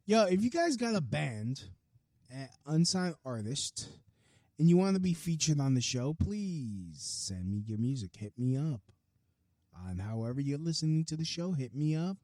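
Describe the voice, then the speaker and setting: A man hosting his own podcast, delivering a profane, heated solo rant that swings from low mutters to loud outbursts. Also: big pitch swings, unhurried, no room sound. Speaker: podcast host. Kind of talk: ranting solo podcast monologue.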